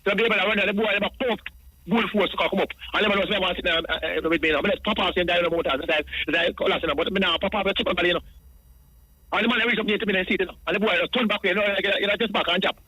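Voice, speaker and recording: Rapid rambling Jamaican man on a phone. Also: sits high, steady tone, bright, forceful tone, dry recording, poor audio. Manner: rambling, repeats himself, speaks in patois. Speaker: radio caller. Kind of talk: phoned-in personal account.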